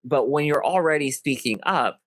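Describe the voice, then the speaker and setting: A man's voice: a little high, moderate pace, no echo. Man, Southern US twang, nasal, effeminate lilt; candid podcast chat, dry close recording. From US, Ohio and Florida. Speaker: podcast co-host. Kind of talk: casual chat.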